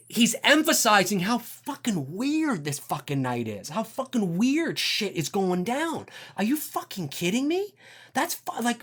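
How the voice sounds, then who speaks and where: A man's voice: high-pitched, a bit bright. A man delivering an unscripted, profane film rant, emphatic and full of fillers. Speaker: film commentator.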